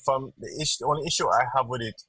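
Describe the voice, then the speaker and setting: Young guy on a podcast, kinda husky, punchy, keeps repeating words looking for the right one. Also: mid-range voice, racing, no echo, low-quality recording. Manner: animated, repeats words while searching for them. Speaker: podcast host. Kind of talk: casual chat.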